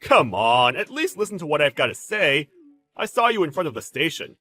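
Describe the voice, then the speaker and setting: A man playing a clueless cheating ex-husband, brash and quick to get defensive. His voice is bright and sits fairly high, swinging widely in pitch as he protests. Faint music runs under this audio drama. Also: sing-song, exaggerated voice.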